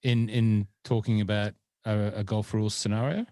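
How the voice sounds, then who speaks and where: Male podcast host, lowish voice, dry close sound, rambling friendly chat. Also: fairly even intonation, normal speed, mellow, no echo. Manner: chatty, rambling, lots of fillers. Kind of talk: casual chat.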